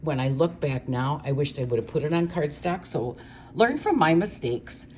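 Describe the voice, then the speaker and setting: Older lady showing off stamping cards, low voice, chatty and emotional, little bit of background hiss. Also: expressive, moderate pace, darkish tone. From Minnesota, USA. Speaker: craft demonstrator. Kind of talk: card-making tutorial.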